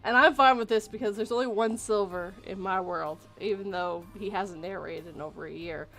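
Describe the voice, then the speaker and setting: Woman guest in a stream chat, mid-pitched, blunt and playful, laughs a lot, faint music under. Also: normal speed, a bit bright. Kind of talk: casual livestream chat.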